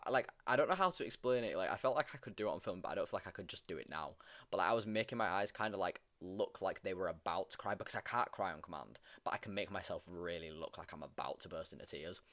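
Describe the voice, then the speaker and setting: On a casual stream, a young man whose voice sits low talks fast, recounting funny things that happened during filming. His storytelling is animated, packed with fillers and broken up by laughter.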